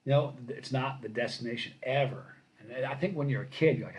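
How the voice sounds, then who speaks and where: A middle-aged man hosting a casual live stream, reading viewer comments and telling lively stories that grow loud when he gets excited. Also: mid-range voice, fast talker, poor audio. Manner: animated storyteller, rising loud when excited.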